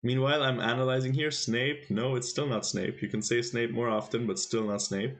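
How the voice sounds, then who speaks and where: A man's voice: mid-range voice, steady tone, brisk, a bit bright. A man commentating a chess tournament on his live stream, casually teasing his chat and quizzing viewers. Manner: playful, teasing the chat with quiz questions.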